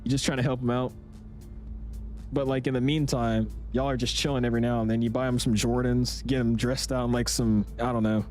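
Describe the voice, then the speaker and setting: A young man streaming a flight simulator, chatting casually in an excitable, rambling way full of slang. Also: medium pitch, brisk, faint music behind. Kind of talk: casual livestream chat.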